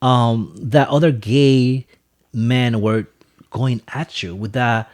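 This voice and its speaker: A man's voice: mid-range voice, steady tone, slow pace, darkish tone. A man co-hosting a casual podcast chat, asking questions and switching between English and Spanish. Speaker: podcast co-host.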